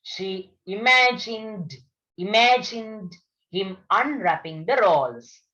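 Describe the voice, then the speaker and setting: A woman's voice: medium pitch, expressive, takes it slowly, pushed and bright. A woman from Sri Lanka, a teacher reading a story aloud and repeating words carefully for her students in an online video class. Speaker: English teacher. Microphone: video call. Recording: dull lo-fi online class audio.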